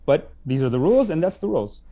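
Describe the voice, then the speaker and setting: High, lively joking man. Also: fast. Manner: joking, laughs often. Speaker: podcast co-host. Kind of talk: casual chat.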